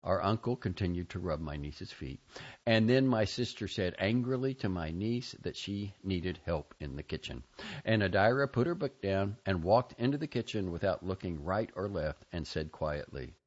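A man reading a first-person memoir aloud in a measured, expressive way. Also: low-pitched. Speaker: narrator. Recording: dull lo-fi recording.

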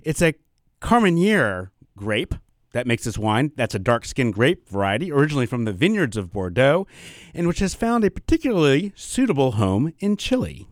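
A man's voice: mid-range voice, big pitch swings, moderate pace, dry recording. Chatty man with dry close sound. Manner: chatty, laughs easily, informative. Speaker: wine auction director, co-host. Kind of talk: casual radio chat.

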